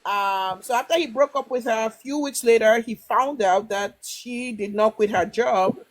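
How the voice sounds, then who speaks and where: A woman's voice: fairly high pitch, moderate pace, rough recording. A woman hosting a livestream, casually retelling a story to viewers, rambling with many fillers and restarts and acting out the quoted dialogue. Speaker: livestream host.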